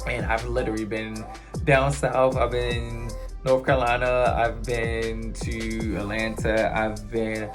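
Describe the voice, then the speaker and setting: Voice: mid-range voice, flat delivery, takes it slowly, over music. A non-binary vlogger with a Baltimore accent, chatting playfully and straight to viewers in a casual vlog. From Baltimore, USA.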